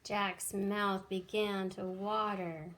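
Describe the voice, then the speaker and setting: A woman teacher reading a children's picture book aloud with expressive storytelling. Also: medium pitch, takes it slowly.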